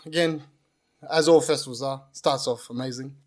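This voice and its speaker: A young man, telling his story as a podcast guest in an animated, swearing way. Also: mid-range voice, normal speed. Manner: animated, swearing, repeats phrases. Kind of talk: casual storytelling.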